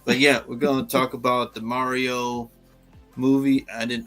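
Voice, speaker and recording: A man's voice: mid-range voice, level tone, unhurried, fairly bright tone, soft background music. A man on a casual livestream panel, joking and teasing with a playful tone.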